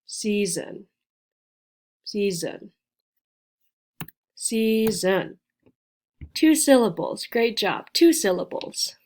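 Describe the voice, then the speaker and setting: A woman's voice: mid-range voice, noisy background. A woman teaching a beginner English lesson, patiently sounding out letters and praising her learners. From United States. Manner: slow, patient, encouraging, spells out sounds. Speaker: ESL teacher.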